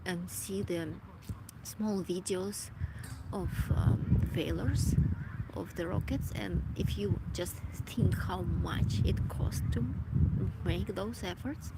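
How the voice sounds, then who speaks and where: Woman vlogger, low and slow, emotional, halting delivery, loud noise underneath. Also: vocal fry. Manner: halting, searching for words, many restarts. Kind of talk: reflective personal monologue.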